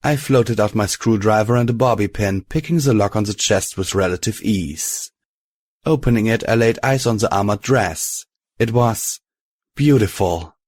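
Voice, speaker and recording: A man narrating a fan fiction audiobook in a steady, deliberate storytelling manner. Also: on the low side, dry recording, clean studio sound.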